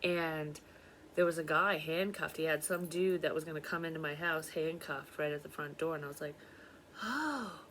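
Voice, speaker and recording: A woman, a psychic medium, casually retelling a dream in a blunt, profane, animated way. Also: low-pitched, brisk, slight background noise. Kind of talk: casual storytelling monologue.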